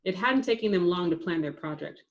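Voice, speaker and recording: Woman narrating an audiobook, low-pitched. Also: expressive, fairly quick, highs cut off. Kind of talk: scripted narration.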